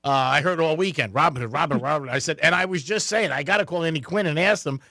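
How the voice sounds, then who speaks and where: A man's voice: fairly high pitch, fast talker, sharp tone, no room sound, studio quality. A man hosting a radio talk show, asking long rambling questions in a chatty way. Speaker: radio host. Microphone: studio mic.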